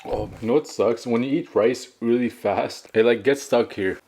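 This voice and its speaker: Young man, mukbang vlogger, casual storytime, mid-pitched voice, loose filler-heavy delivery. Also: moderate pace, darkish tone, a little hiss or hum. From Canada. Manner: chatty, filler-heavy storytelling with acted quotes. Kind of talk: casual storytime while eating.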